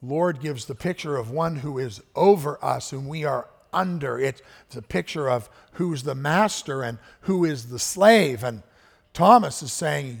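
A man preaching a sermon as pastor, earnest, swinging between hushed and emphatic delivery. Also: fairly high pitch, lively intonation, unhurried, creaky. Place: church sanctuary. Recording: echoey church hall with long reverb.

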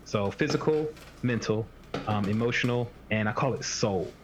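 Here the fitness coach has a fairly low voice and a moderate pace, rambling casually on a podcast while imitating the voices in his clients' heads. The audio is lo-fi and dull, with a faint hiss.

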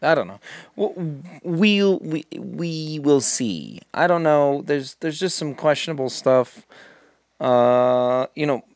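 A man's voice: a little high, expressive, slow pace, dry recording, clean studio sound. A man co-hosting a casual chat, ranting with sarcastic asides. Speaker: podcast co-host.

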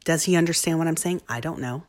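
A mother casually telling a story about her young son, lively at times and dropping to soft near-whispers. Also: low voice, fast.

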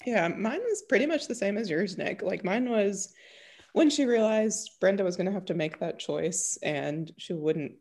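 A woman co-hosting a casual podcast chat, animated and giggly, full of "like". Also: mid-range voice, normal speed. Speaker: podcast co-host.

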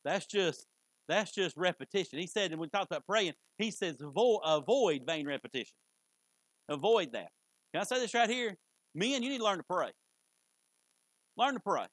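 Man, pastor preaching, high voice, folksy, dry close sound. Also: expressive, moderate pace, long pauses, dry recording, low-quality recording. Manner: folksy, conversational preaching with sudden loud bursts. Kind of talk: sermon. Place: church sanctuary.

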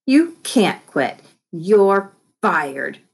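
A woman's voice: lowish voice, animated, normal speed, a little mellow. A woman voicing a bossy young boy who runs a small business, talking in a bratty, emphatic way.

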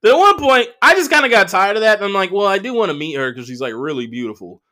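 A man's voice: sits high, animated, fast, sharp tone. A man in his early thirties with a Los Angeles accent, hosting a casual solo podcast and telling a rambling, profane story full of fillers. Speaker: podcast host.

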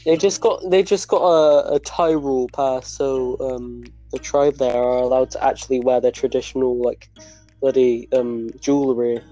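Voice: medium pitch, steady tone, moderate pace, dark tone, dull audio, soft background music. A young podcast co-host in casual, crude banter with friends. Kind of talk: casual chat.

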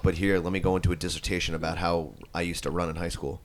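A man's voice: low voice, level tone, quick pace. A young American man co-hosting a casual chat, full of sarcastic, joking banter. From United States. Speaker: co-host.

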